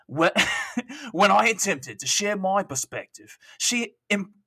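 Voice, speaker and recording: A man's voice: high-pitched, very animated, slow, pushed and bright, husky. A man chatting and joking on a gaming podcast, laughing often, swearing freely and stumbling while reading text aloud. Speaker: podcast guest. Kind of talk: casual podcast banter.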